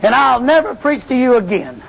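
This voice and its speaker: A man preaching a revival sermon, animated and calling out to the congregation. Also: very high voice, normal speed, gravelly, breathy edge, dull audio. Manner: animated, calls to the congregation, Southern.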